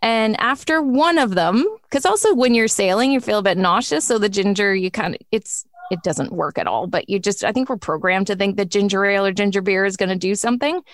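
A woman's voice: mid-range voice, lively intonation, brisk, few pauses, dry recording, clean studio sound. A woman in her forties hosting a podcast about food, chatting casually and laughing often. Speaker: host.

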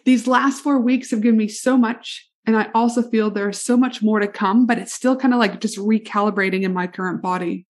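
A woman's voice: mid-range voice, fairly even intonation, a little fast, hardly any pauses. A middle-aged woman hosting her own podcast as a business coach, talking upbeat and enthusiastic in a solo monologue straight to the listener. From Canada.

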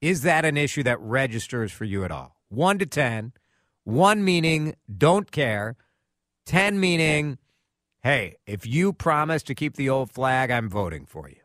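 A male talk radio host speaks in a lively, animated way, his pitch rising and falling freely. He is chatty and laughs often. The sound is close and dry. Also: unhurried, no room sound.

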